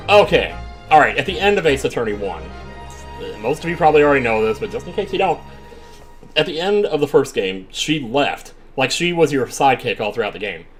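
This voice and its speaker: A man giving chatty, excitable commentary while playing a video game, with frequent exclamations. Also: medium pitch. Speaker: let's play streamer. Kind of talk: gaming commentary. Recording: faint game music behind.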